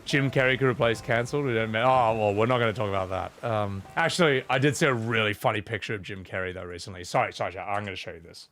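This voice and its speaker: A man's voice: fairly low pitch, fast talker, few pauses, fairly bright tone. Opinionated man streaming a game. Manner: opinionated, rambling, swears freely. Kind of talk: casual live-stream chat.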